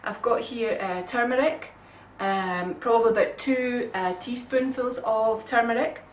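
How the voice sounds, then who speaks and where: A woman's voice: a little high, a little slow, a little hiss or hum. A woman talks through a recipe in her home kitchen, casual and homely, with plenty of ums. The sound is roomy and comes from a distant mic, with faint ambience behind her. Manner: chatty, homely, many ums. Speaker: home cook. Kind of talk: casual cooking demonstration.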